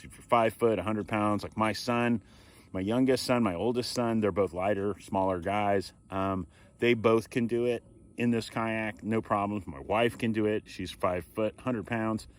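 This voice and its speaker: Easygoing middle-aged man on a lake. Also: on the low side. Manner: easygoing, chatty, jokey. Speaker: kayak vlogger. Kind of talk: casual outdoor vlog commentary. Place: outdoors on a kayak on a lake. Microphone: action camera.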